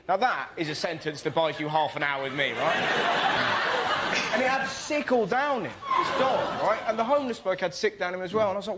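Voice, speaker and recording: A man, a comedy panelist telling animated stand-up style anecdotes and slipping into voices. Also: on the high side, fast. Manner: animated storytelling, bursts into voices. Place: TV studio with audience. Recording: noisy studio with audience laughter.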